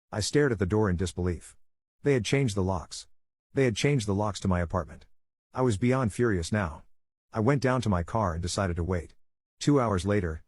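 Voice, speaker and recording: A man narrating a first-person story in an even, measured read, voicing every part himself. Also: fairly low pitch, slightly rough, no echo.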